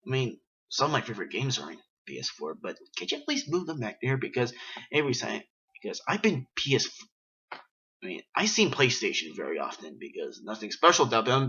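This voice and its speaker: A man rambling excitedly while reviewing video games in a casual vlog, in a dull, lo-fi recording. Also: medium pitch, fairly quick, heavy background noise. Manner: rambling, excitable, frequent restarts.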